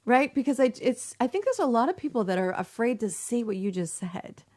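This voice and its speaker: A woman's voice: fairly high pitch, expressive, brisk, darkish tone. A woman co-hosting a podcast in casual conversation, enthusiastic, affirming and chatty. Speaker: podcast co-host.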